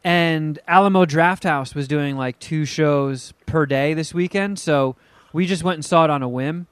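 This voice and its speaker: Smooth, teasing man with a high voice. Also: measured pace, no echo. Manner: teasing, crude jokes, rambling storytelling. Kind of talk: casual podcast chat.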